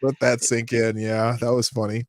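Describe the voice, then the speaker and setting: A man's voice: medium pitch, normal speed, dry recording. A man hosting a live stream, rambling casually and laughing as he greets viewers by name. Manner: animated, rambling, laughs often. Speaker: host of a live stream show.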